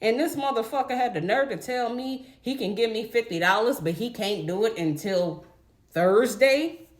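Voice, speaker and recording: A woman's voice: on the high side, a little fast. A young adult woman telling a story in a casual, blunt, profane rant to her viewers. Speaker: vlogger.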